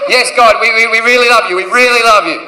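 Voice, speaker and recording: A man's voice: extremely high pitch, fairly even intonation, fast, recorded from a distance, background noise. A man voicing anxious partygoers who try to appease God, in a stand-up bit. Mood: placating. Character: nervous, placating partygoers facing God. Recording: echoey live comedy hall from afar.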